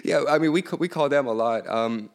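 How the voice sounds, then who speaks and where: A man guesting on a podcast, telling prank stories in a relaxed, rambling way and laughing often. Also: mid-range voice, fairly quick. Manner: laid-back, laughing, rambling storyteller. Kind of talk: casual chat.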